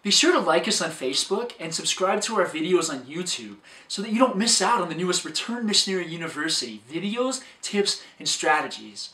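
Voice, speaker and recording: A man's voice: sits high, very animated, brisk, few pauses, sharp tone, recorded from a distance. A man giving an upbeat, scripted talk as a dating coach, recorded in an echoey room a little way from the microphone.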